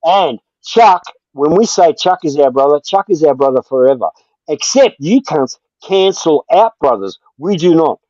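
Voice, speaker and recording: A man's voice: on the high side, lively intonation, normal speed, dark tone, no room sound. An Australian man in heated, profane live-stream banter, combative and talking over others, on dull lo-fi stream audio. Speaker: livestream panel guest.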